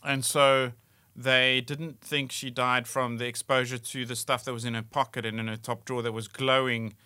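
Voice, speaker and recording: A man's voice: mid-range voice, flat delivery, normal speed, sharp tone, clean tone, dry recording, clean studio sound. A South African man co-hosting a comedy podcast, playfully trading trivia and laughing at his own facts. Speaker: podcast co-host. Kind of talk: casual comedy banter.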